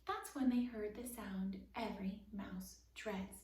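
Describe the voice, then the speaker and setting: A woman reading a children's picture book aloud at storytime, softly, and dropping into whispered asides to explain the pictures. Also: mid-range voice, fairly even intonation, measured pace. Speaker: storytime reader. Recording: roomy, distant, faint hiss.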